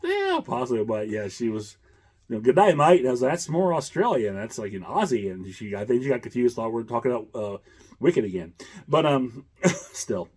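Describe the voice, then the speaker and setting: A man's voice: mid-range voice, lively intonation, a little fast, a little mellow, breathy edge. A man hosting a casual chat, rambling with many fillers and chuckles. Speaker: host.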